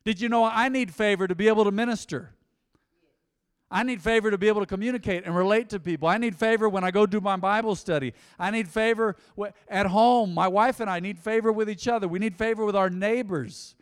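High-voiced pastor preaching in a reverberant hall. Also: male voice, a little fast, clean tone. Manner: animated storytelling, swinging from loud to soft. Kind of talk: sermon.

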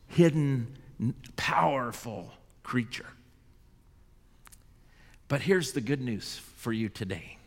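A man's voice: mid-range voice, slow, long pauses. A male pastor preaching a sermon and telling a story with dramatic shifts in volume. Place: church. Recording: long church reverb.

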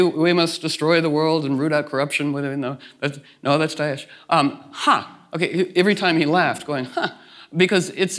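A man with a somewhat high voice talks to a gathered group in a loose, rambling way. He restarts his sentences and leans on "you know" fillers. He laughs through the funny parts of his stories. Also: a bit bright. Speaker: speaker at a gathering. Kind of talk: casual spoken talk to a group.

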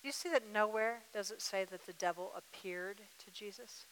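A woman's voice: mid-range voice, normal speed, fairly bright tone, a little hiss or hum. A woman preaching a sermon with emphatic repetition, acting out what to say back. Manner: emphatic, repeats words, acts out dialogue. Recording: reverberant hall.

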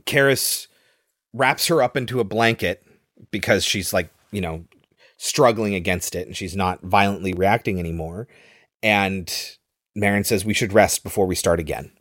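Low-voiced man recapping a film. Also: normal speed, fairly bright tone, no echo, studio quality. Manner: loose storytelling with fillers. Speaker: podcast host recapping a film.

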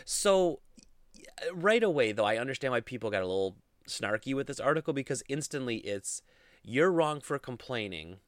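A man's voice: mid-range voice, expressive, brisk, dry recording, studio quality. Rambling man hosting a podcast. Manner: rambling, with many fillers and restarts. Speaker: podcast host. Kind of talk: casual solo podcast talk.

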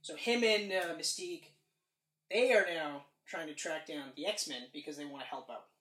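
Man, podcast co-host, excited movie talk, frequent swearing, roomy echo. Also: a little high, moderate pace. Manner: animated, swearing, excited retelling. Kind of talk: casual movie chat. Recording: echoey room.

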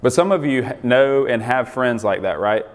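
A man's voice: medium pitch, moderate pace, in a large hall. A man giving a casual sermon, conversational, asking the group questions and laughing often. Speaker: pastor.

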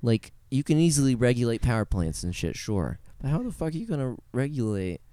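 A man's voice: medium pitch, very animated, brisk, warm tone, no echo. A man hosting a casual podcast chat, rambling and laid-back, swearing casually, on a studio podcast microphone. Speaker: podcast host.

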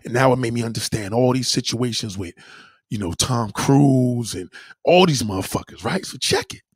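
A man casually telling a profane story to his followers, animated and slangy, often asking "you know what I mean". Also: medium pitch, moderate pace, husky, no echo, clean studio sound.

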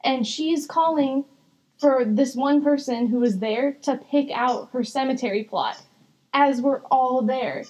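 Young woman podcast cohost, kinda husky and high, rambles and giggles a lot, swears casually. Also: unhurried, a little mellow, low-quality recording. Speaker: podcast co-host. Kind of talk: casual chat.

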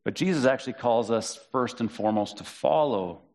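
A man preaching a sermon as pastor, in a conversational way, reading and paraphrasing scripture with lively quoted voices. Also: mid-range voice, brisk.

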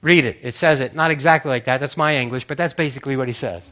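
A man preaching a sermon as a pastor, telling the story with lively acted-out voices and frequent repeated words. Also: medium pitch, quick pace.

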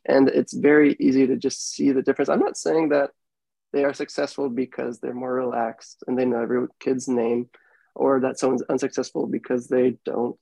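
Gravelly, mellow-voiced male podcast host. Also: mid-range voice, little pitch movement, normal speed, no room sound, low-quality recording. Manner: rambling, filler-heavy, laughs easily. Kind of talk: casual interview chat. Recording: dry close podcast mic.

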